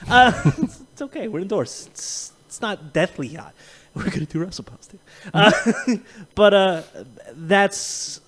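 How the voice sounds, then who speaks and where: Animated, swearing man in casual chat. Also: high voice, unhurried. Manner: profane, rambling, animated storytelling with laughs. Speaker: podcast co-host.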